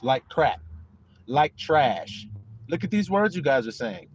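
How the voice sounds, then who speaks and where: A man's voice: mid-range voice, sing-song, slow, a little hiss or hum. A man preaching on a livestream in a streetwise, profane style, mocking his listeners, laughing and firing rhetorical questions. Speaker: online preacher and livestream host.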